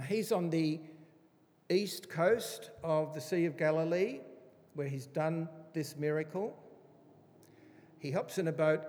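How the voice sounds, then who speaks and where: Animated preacher, slightly high voice. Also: male voice. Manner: animated, emphatic, chatty asides. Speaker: Bible teacher. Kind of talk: conversational Bible study sermon. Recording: reverberant hall.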